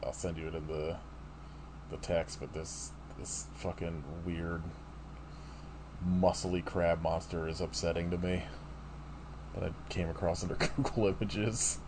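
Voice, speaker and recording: A man's voice: sits low, fairly even intonation, measured pace, pauses often, background noise. A man co-hosting a podcast, chatting bluntly, laughing and swearing a lot. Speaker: podcast co-host. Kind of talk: casual chat.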